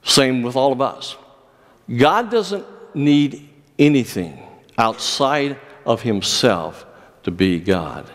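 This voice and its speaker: A pastor preaching an earnest sermon, with measured delivery and dramatic pauses. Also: male voice, mid-range voice, expressive. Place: church sanctuary. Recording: long church reverb.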